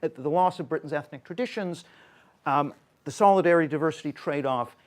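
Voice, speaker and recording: At a public debate event, a Canadian panelist who works as a social scientist talks earnestly in a slightly high voice at a fairly quick pace. He often stops mid-sentence to correct himself.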